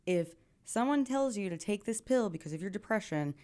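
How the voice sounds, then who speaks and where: A woman's voice: mid-range voice, lively intonation, a little fast, warm tone. A woman hosting a reaction video, chatting earnestly with lots of fillers and now and then dropping to a whisper. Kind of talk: casual reaction commentary.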